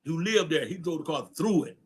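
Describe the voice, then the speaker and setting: A man's voice: a little high, expressive, a little fast. A man telling a long story in casual, profane street talk, often repeating his words.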